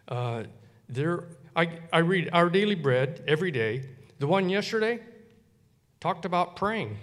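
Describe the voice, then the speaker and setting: A man giving a personal testimony in church, earnest and halting with many fillers. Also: fairly high pitch, long reverb tail.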